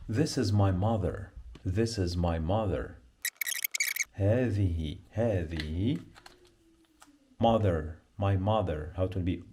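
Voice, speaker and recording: A man with an Arabic accent teaching a beginner lesson, speaking slowly and repeating each word to drill pronunciation. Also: low voice, dark tone, a little hiss or hum. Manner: slow, repetitive, drills pronunciation.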